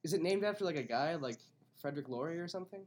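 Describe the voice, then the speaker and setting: A young man with a Buffalo, New York accent hosts a casual podcast. He talks at a quick clip and jokes freely with his guests. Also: on the high side, expressive, background noise. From Buffalo, New York area. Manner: quick, joking. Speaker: podcast host. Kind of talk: casual chat.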